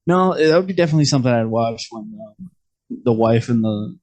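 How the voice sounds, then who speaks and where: This man is a guest on a relaxed podcast. He has a mid-pitched voice and talks in an easygoing way, often breaking into a chuckle. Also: brisk. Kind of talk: casual podcast chat.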